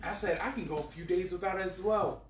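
A man's voice: high voice, quick pace. A man leading a spoken prayer, earnest and repeating his thanks. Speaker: prayer leader. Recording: echoey room from far off, faint noise.

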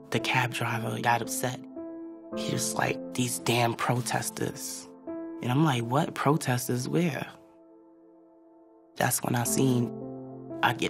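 A young woman giving a halting, reflective personal testimony for a documentary, often pausing on "like" and "you know.". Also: rumbling low, gravelly. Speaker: interviewee.

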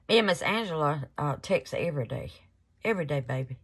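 A woman's voice: fairly low pitch, expressive, moderate pace, fairly bright tone, husky. A woman hosting a casual crafting vlog, gushing over her work and calling viewers baby and y'all. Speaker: resin crafting channel host.

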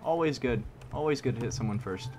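A man giving live commentary over his own gameplay, excitable, repeating himself and using mild minced oaths. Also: medium pitch, fairly quick, background noise. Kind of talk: live video game commentary. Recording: loud game gunfire under voice. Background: gunfire and shooting game sounds.

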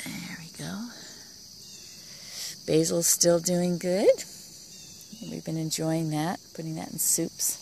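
A woman with a low voice and a gravelly edge leads a relaxed tour of her outdoor vegetable garden, admiring each plant in a soft, hushed way that sometimes drops to a whisper. She is recorded on a handheld camera outdoors, with faint crickets and insects behind her. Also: slow pace, slight background noise. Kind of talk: casual garden tour vlog.

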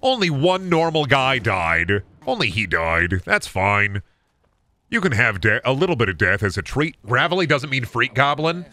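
A man's voice: mid-range voice, sing-song, moderate pace, sharp tone. A man casually commenting on his game as a streamer, joking, swearing and riffing on voice impressions.

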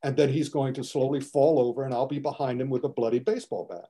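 Older man, mellow voice, casual animated storyteller, acts out scenes. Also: mid-range voice, fast, a little hiss or hum. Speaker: martial arts film critic. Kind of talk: casual chat.

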